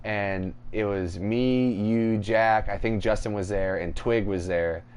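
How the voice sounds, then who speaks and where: Crude, animated man telling stories. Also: lowish voice, slow, clean tone. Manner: crude, animated, acts out voices in anecdotes. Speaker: podcast co-host. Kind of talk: casual storytelling chat.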